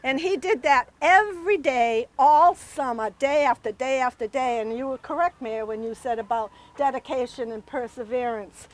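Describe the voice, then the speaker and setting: New woman giving thanks at an outdoor ceremony, gentle, high voice. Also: moderate pace, hardly any pauses. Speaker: family member giving remarks. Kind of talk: prepared speech.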